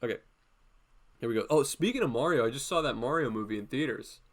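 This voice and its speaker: A man's voice: medium pitch, lively intonation, quick pace. A man hosting a drawing live stream, talking casually and playfully as he draws, often laughing.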